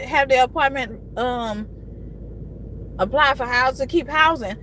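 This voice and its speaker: Brief: high-voiced woman, thirties, exasperated casual live-stream rant, faint background noise. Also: fairly bright tone, low-quality recording. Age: 30s. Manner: frustrated, venting, frequent cursing.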